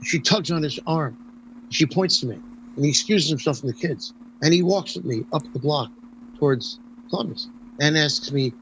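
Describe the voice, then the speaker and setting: Older New man telling animated stories. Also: on the high side, fairly quick, slight background noise, poor audio. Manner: animated storyteller, acts out quoted dialogue. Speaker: interview guest. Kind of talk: storytelling anecdotes in a casual interview.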